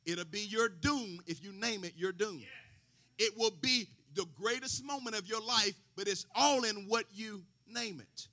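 A man preaching a sermon, impassioned, building to shouts and calling out to the congregation. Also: sits high, a little slow. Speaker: pastor.

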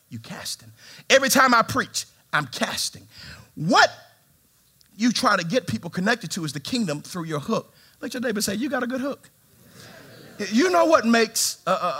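A man preaching to his congregation with a high, bright voice. His delivery is lively and swooping, dropping to near whispers, then rising into shouts. He jokes with the crowd and asks them to answer back. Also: slightly rough. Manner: animated preaching, swings from shouts to hushed tones; humorous, calls on the congregation. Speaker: pastor. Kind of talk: sermon. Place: church sanctuary.

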